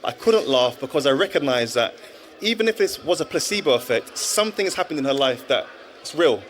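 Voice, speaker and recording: A man's voice: a little high, lively intonation, a little fast, slight background noise. A man in his thirties, a former footballer and guest at a live event, telling his story in an earnest, reflective way with frequent restarts. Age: 30s. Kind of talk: live stage interview, testimony.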